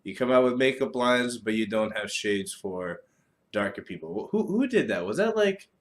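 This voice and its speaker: A man hosting a solo podcast, talking casually in a profane, rambling, animated way. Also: mid-range voice, moderate pace. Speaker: podcast host.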